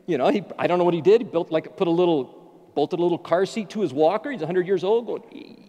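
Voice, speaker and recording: A middle-aged man preaching a sermon as a pastor, an animated storyteller who jokes his way through. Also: high voice, brisk, long reverb tail.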